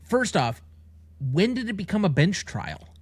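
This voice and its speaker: A man co-hosting a podcast, picking apart a show's legal details in a measured, analytical way. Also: high-pitched, sing-song, slightly rough, no room sound. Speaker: podcast co-host. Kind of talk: casual TV recap chat.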